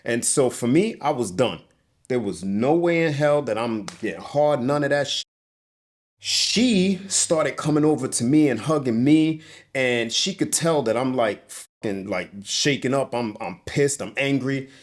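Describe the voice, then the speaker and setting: A man's voice: medium pitch, lively intonation, measured pace. Agitated young man, swearing. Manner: agitated, profane, repeats "bro". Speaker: interview guest. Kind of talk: emotional storytelling. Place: indoors on a couch.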